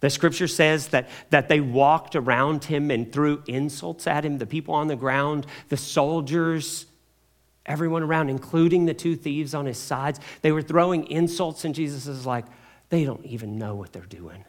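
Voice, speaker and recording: A man teaching a Bible lesson to a class, dropping to hushed, slow quotes and rising to loud emphasis, often checking in with his listeners. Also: fairly high pitch, fairly even intonation.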